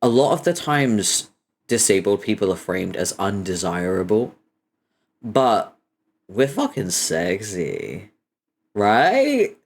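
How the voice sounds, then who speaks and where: A young man chatting casually on his stream, swearing freely and breaking into frequent laughter while telling stories. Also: slow. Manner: animated storytelling, laughter rising high in pitch.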